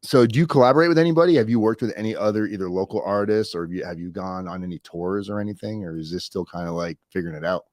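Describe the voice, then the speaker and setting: Guy hosting a podcast, super deep voice, jokey and self-mocking, talks to the viewers. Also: quick pace, hardly any pauses, a little mellow, dry recording. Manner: joking, self-deprecating, addresses viewers as "guys". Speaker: podcast host. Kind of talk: casual interview chat.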